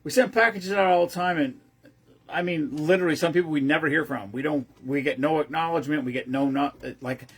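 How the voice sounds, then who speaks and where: A man's voice: a little high, a little fast, breathy edge. A man hosting his own show, telling a long-winded, rambling story casually with lots of restarts. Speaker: host of a veteran care-package group.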